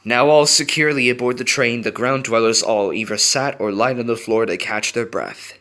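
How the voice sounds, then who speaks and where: A man reading fan fiction aloud in an expressive, storytelling way. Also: medium pitch, normal speed. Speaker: reader.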